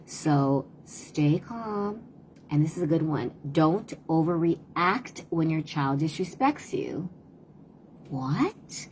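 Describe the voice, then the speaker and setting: A woman in her fifties giving earnest, conversational parenting advice on a live stream, often pausing to hesitate. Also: low-pitched, animated, darkish tone, slight background noise. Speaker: parenting talk host and tutor.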